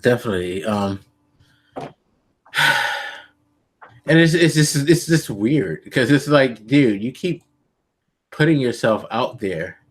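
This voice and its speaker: A man co-hosting a casual political podcast, earnest and hesitant, pausing on frequent ums as he works through his points. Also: medium pitch, animated. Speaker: podcast co-host.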